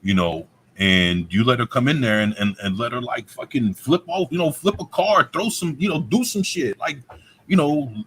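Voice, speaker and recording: A man's voice: mid-range voice, normal speed, a little hiss or hum. A man co-hosting a casual chat, rambling with lots of fillers and profanity. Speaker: co-host.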